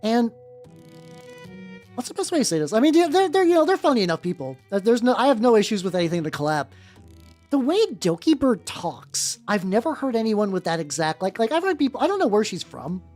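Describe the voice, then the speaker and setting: A woman's voice: a little high, big pitch swings, fairly quick, a little mellow. A woman VTuber chatting casually on a live stream while she paints miniatures, rambling with many fillers and self-interruptions, with what she calls a nerdy voice. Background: faint background music.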